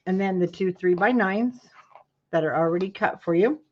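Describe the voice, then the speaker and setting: A woman with a lowish voice hosts a live craft tutorial, chatting to viewers at a normal speed as she works and yawning now and then. The sound is lo-fi.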